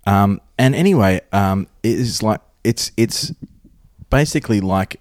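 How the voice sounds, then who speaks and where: Lively laughing man, dry sound. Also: lowish voice, unhurried, no room sound. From Australia. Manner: swearing, laughing, jokey storyteller. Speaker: podcast co-host. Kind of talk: casual banter.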